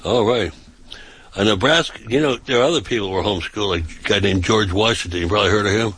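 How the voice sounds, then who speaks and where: A man hosting a talk show, making announcements and reading news aloud with casual asides, often pausing on filler sounds and restarting his sentences. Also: lowish voice, fairly bright tone, slightly rough, poor audio. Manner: halting, with frequent uh fillers and restarts.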